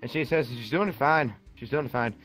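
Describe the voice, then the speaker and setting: A man's voice: medium pitch, moderate pace, a bit bright, close to an everyday voice. A man voicing a crude, bumbling male leprechaun stand-up comic who stumbles and repeats himself, over voice chat with music behind.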